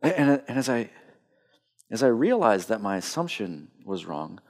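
A male pastor delivers a sermon with real conviction, his pitch swinging widely as he builds and drops. He often restarts phrases, repeating a word before pressing on. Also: sing-song, normal speed, darkish tone. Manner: impassioned, repeats words when starting phrases.

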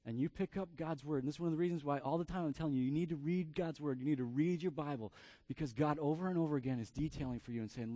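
A man in his thirties, a pastor preaching a sermon through a family story, often repeating words in quick bursts. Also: a little high, mellow, no room sound.

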